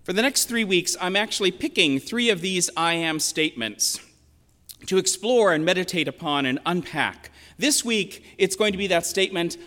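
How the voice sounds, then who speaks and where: A man's voice: sits high, very animated, fairly bright tone. Reflective older male preacher in a hall. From western Pennsylvania. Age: 60s. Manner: reflective, measured storytelling with emphatic quotations. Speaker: pastor. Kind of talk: sermon. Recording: long reverb of a large hall.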